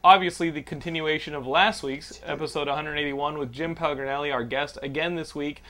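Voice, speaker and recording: A man hosts a casual podcast in a fairly high voice. He talks loudly and excitably, swears freely and laughs often. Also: a little fast, over a noisy crowd. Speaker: podcast host.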